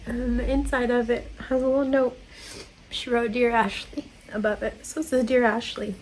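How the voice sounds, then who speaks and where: A woman's voice: a little high, level tone, moderate pace, a little mellow, a little hiss or hum. A woman vlogger opening mail on camera, chatty and rambling, gushing and laughing often. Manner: gushing and emotional. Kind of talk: casual chat.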